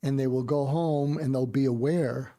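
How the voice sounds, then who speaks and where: Older man telling a gentle story. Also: medium pitch, fairly even intonation, normal speed, no room sound, studio quality. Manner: gentle, reflective storytelling with soft quoted asides. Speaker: psychiatrist guest. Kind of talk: storytelling in conversation.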